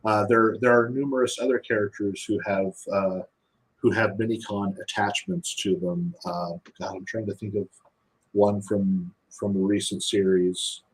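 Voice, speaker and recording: A man's voice: fairly low pitch, steady tone, measured pace, husky, low-quality recording. A man, a podcast guest, explains game rules casually, often restarting and repeating words. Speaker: guest game designer previewing a rulebook.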